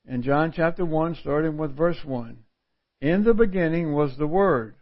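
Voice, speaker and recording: A man's voice: fairly high pitch, measured pace. A middle-aged man preaching a sermon, reading scripture aloud and explaining it in a folksy way, repeating phrases for emphasis. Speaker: pastor. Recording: dull lo-fi recording.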